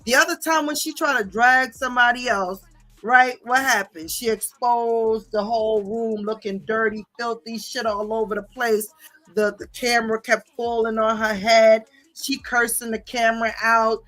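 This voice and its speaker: A woman's voice: on the high side, steady tone, normal speed, a bit bright. Profane, heated woman ranting on stream. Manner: profane, confrontational, repeats "okay?" and "bitch". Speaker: livestream host. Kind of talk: heated livestream rant reading viewer comments.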